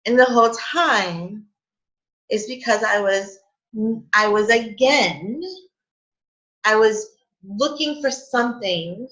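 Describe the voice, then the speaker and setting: A woman with a mid-range, slightly bright voice speaks slowly and pauses often as she hosts a spiritual coffee chat for a live group. Her talk is casual and heartfelt, full of fillers, and she laughs while coming close to tears. The stream audio is dull and lo-fi.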